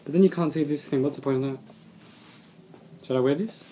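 A man's voice: a little high, fairly quick, warm tone, a little hiss or hum. A young man, unboxing a subscription box, rambling and swearing casually as he mutters to himself.

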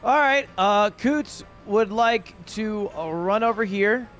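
A man with a somewhat high voice plays a tabletop game and casually thinks aloud about his moves. He checks the rules with the game master as he goes. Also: slow pace, a bit bright, soft background music. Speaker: player. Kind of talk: tabletop game play over a call.

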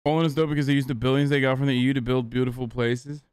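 A man's voice: mid-range voice, level tone, rapid-fire, darkish tone, clear, resonant tone, no room sound, studio quality. A man in his thirties streaming live reaction commentary, mocking and profane, joking loosely as he talks.

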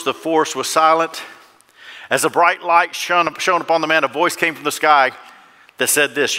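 A man's voice: fairly high pitch, steady tone, moderate pace, sharp tone. A male pastor preaching a fervent sermon in a church and often asking the congregation questions. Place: church sanctuary. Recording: echoey church hall.

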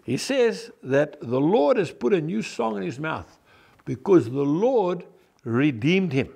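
Lively, gravelly-voiced man preaching. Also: fairly high pitch, slow pace. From South Africa. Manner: folksy, emphatic, addresses viewers as folks. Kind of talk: devotional sermon to camera. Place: on his farm.

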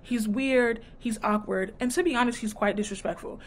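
A woman vlogger casually recapping a dating show, sassy and animated, acting out quotes in her retelling. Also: fairly high pitch, normal speed, a little hiss or hum. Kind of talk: casual chat.

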